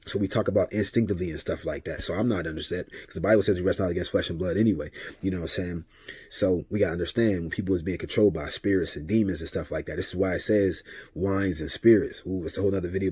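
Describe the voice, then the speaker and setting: A man speaks straight to camera in an easy, talkative way, sharing spiritual advice drawn from his life as a father. His voice sits low with a husky edge. The sound is close and dry, with no room echo. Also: darkish tone. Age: adult father of several children. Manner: conversational, often repeats a filler tag and acts out dialogue. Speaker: vlogger giving spiritual advice. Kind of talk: casual spiritual talk monologue.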